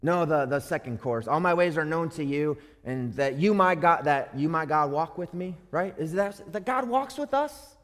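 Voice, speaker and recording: Man, pastor, sermon, high voice, earnest, long church-hall echo. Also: expressive, normal speed, hardly any pauses. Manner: earnest, shifts between hushed and emphatic.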